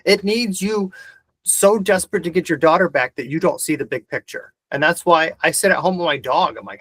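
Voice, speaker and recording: A man's voice: fairly high pitch, lively intonation, a little fast, a bit bright, slightly rough, no room sound. A man hosting a video call discussion, talking intensely and ranting with heavy swearing. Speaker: host of the discussion.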